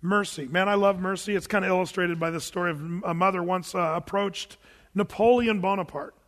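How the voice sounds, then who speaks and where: A pastor preaches a sermon in a church sanctuary, telling stories with animated delivery and laughing along with the congregation. His voice sits high, and the sound carries the feel of a big room.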